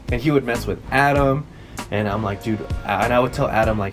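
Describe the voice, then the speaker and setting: A man's voice: mid-range voice, a little fast, over music. A young man co-hosting a podcast, telling stories in a loose, rambling way with swearing and self-corrections. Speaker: podcast co-host. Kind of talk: casual chat.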